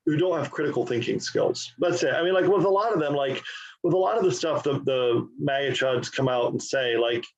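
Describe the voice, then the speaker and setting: A man co-hosting a podcast, speaking in a halting, agreeable way with lots of fillers. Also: medium pitch, animated, vocal fry, lo-fi sound. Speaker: podcast co-host. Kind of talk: casual political chat.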